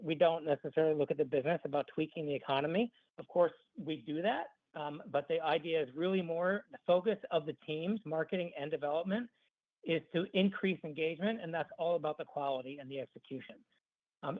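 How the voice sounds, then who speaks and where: A male executive explains his company's approach in a steady way, with frequent ums. His voice sits a bit high. The sound is dry and thin, as over a phone. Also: no echo. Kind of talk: earnings call answers. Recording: dry tinny phone line.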